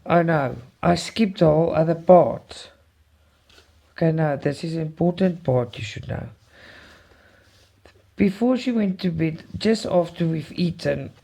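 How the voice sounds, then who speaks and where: Gravelly, dark-voiced woman telling a story. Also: low voice. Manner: rambling, emotional retelling with restarts. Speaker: cross-stitch vlogger. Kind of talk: casual storytelling chat.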